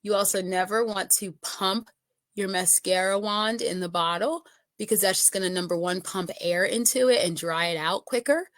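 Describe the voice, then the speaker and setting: A woman's voice: mid-range voice, moderate pace, fairly bright tone, dry recording. A middle-aged woman giving a casual makeup tutorial, chatting with viewers and often checking in with them. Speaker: makeup consultant.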